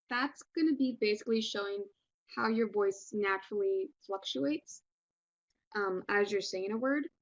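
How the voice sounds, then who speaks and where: A woman's voice: medium pitch, no echo. A young woman teaches a recorded English class in a loose, chatty way, full of ums and restarts. Her voice sits in a middle range. The sound is dry and a little dull, like a basic computer mic. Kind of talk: recorded online class lesson.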